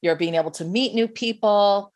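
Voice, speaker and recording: Chatty woman coaching on sales in an interview, animated, lots of restarts, mid pitch. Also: moderate pace. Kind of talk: conversational interview, giving advice.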